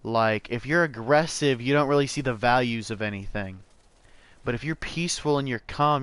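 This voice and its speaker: A man's voice: mid-range voice, a bit bright, smooth, dry recording. A young man giving loose, profane commentary while he plays a game, rambling casually and calling his viewers "bro" and "man.". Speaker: gameplay streamer.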